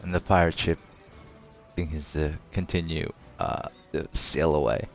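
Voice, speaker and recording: A man's voice: a bass voice, steady tone, a little slow, highs cut off, soft background music. A man narrating as game master of a tabletop game, laid-back and hesitant, often laughing.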